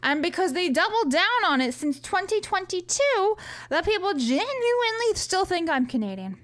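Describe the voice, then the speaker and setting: High-voiced, profane woman streamer. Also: very animated, moderate pace, fairly bright tone. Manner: joking, profane, chatty; reads viewer chat aloud and answers. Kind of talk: casual live-stream chat.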